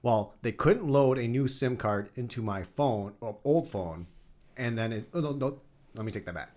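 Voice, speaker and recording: A man's voice: mid-range voice, normal speed, darkish tone. A man in his thirties, a podcast co-host, venting in casual chat and swearing freely as he tells a frustrating story.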